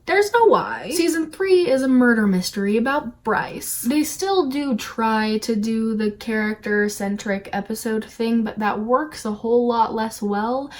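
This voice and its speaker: A woman giving an opinionated review commentary in a sarcastic, rapid, exasperated way. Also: on the high side. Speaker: video reviewer.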